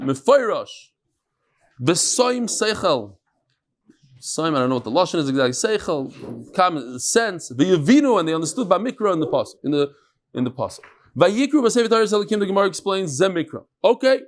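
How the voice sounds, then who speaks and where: A middle-aged man teaching a daily Talmud class in a conversational way, with frequent asides and restarts. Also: sits high. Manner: conversational, mixes Hebrew and Aramaic terms, frequent restarts and asides.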